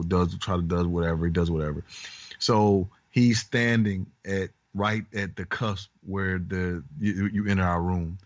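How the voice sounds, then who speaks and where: Low-voiced man telling a story. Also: no room sound. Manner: storytelling, animated, laughs a lot. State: recovering from covid. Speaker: podcast co-host. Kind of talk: casual chat. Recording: dull lo-fi podcast audio.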